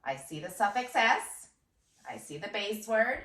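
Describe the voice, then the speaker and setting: A woman's voice: medium pitch, sing-song, measured pace, fairly bright tone, far from the mic. A first grade teacher, a woman, giving a patient phonics lesson and sounding out words syllable by syllable. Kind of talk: slow phonics lesson for children. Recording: echoey room, voice off-mic.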